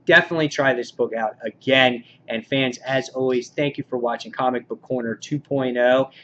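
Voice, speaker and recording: A man giving a casual comic book review, excitable and loose, acting out characters' lines with mild swearing. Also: medium pitch, moderate pace. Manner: excitable, acts out characters' quotes; lots of fillers and restarts, mild swearing. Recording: dull lo-fi sound with faint noise.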